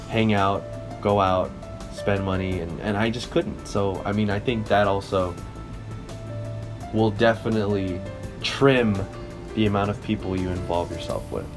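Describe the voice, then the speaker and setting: Rambling young man with a low voice. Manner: loose, rambling storytelling with swearing and self-corrections. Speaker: podcast co-host. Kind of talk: casual chat.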